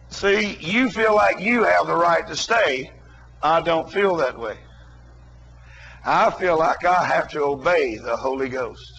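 Husky, high-voiced preacher telling a story. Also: male voice, bright, forceful tone. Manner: storytelling, emphatic and emotional. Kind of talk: sermon.

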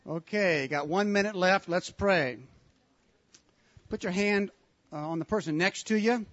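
A man leading a conference breakout session, giving brisk announcements and leading prayer, on a dull, lo-fi recording. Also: high-pitched, fairly bright tone, no echo. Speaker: session leader.

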